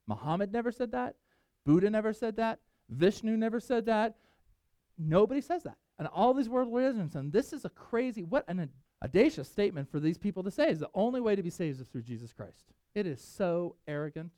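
A male pastor preaching to his congregation in a high, lively voice. He speaks emphatically, with big swings in pitch. The sound is dry and close. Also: a little fast, dry recording. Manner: emphatic, animated, conversational preaching. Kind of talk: sermon.

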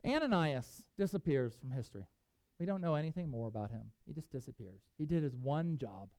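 A pastor preaching a sermon, telling a Bible story with animated delivery and reading scripture aloud. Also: mid-range voice, a little fast, no room sound, rough recording.

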